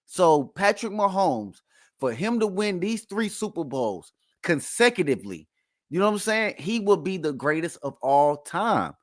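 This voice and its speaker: Man host, higher pitch, dry close sound, emphatic mocking sports reactions. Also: very animated, unhurried, dry recording. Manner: emphatic, playfully mocking, repeats himself. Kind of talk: casual sports reaction commentary.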